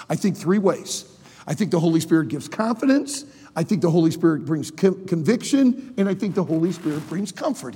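A man preaching a sermon to students, emphatic and animated, with sudden loud outbursts. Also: sits high, slightly rough. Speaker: preacher and college teacher. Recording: long hall reverb.

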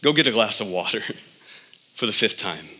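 A man in his thirties preaching a sermon as pastor, animated, with his pitch jumping up for emphasis. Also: moderate pace, slightly rough.

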